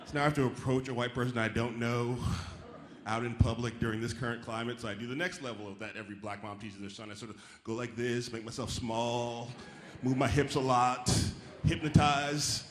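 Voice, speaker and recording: A man performing a stand-up comedy set on stage, animated and acting out the voices of the people in his stories. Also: medium pitch, a little fast, echoey room, a little hiss or hum. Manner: animated, acts out quoted voices. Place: theater stage before a live audience.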